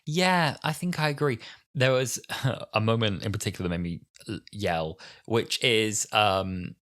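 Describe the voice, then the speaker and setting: A man in his twenties co-hosting a podcast, telling scenes in an animated way and acting out the characters. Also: fairly low pitch, a little slow. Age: 20s. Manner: animated storytelling, acts out scenes with big voices. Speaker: podcast co-host. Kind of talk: casual chat.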